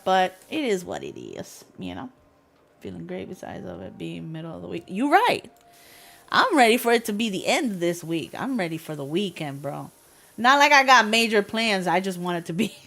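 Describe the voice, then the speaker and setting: A woman livestreamer chatting casually with her viewers, talkative, slangy and quick to laugh. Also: mid-range voice, a bit bright.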